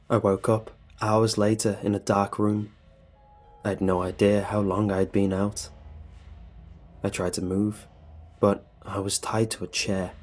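Husky low-voiced man narrating a horror story. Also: darkish tone. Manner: first-person storytelling with dry comic asides. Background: faint music.

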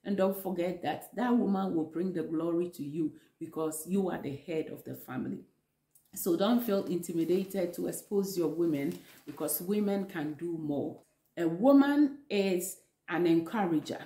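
A woman's voice: on the low side, moderate pace, warm tone, reverberant. A woman with a Ghanaian accent gives earnest, preachy relationship advice to camera from her home kitchen, repeating phrases for emphasis. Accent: Ghanaian English. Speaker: vlogger giving relationship advice. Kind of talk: home video talk to camera.

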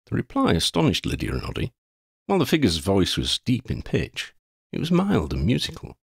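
Low gravelly guy reading an audiobook, lively delivery, dry close sound. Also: dry recording. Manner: measured, expressive storytelling. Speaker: narrator. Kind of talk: audiobook narration.

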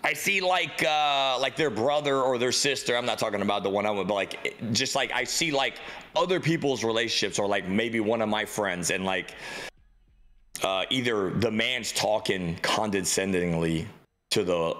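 A man's voice: on the low side, normal speed, fairly bright tone. A man co-hosting a podcast in casual chat, talking loosely with lots of fillers and some swearing. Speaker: podcast co-host.

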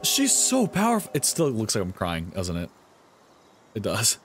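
A young man giving live gameplay commentary, excitable and often yelping and swearing at enemies. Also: fairly low pitch, moderate pace, over music. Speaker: streamer.

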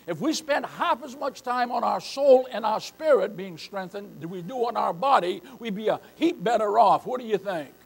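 Older male pastor with a high-pitched voice, delivering an emphatic sermon with loud bursts. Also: lively intonation, moderate pace, creaky, hardly any pauses. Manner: emphatic preaching, calls listeners beloved.

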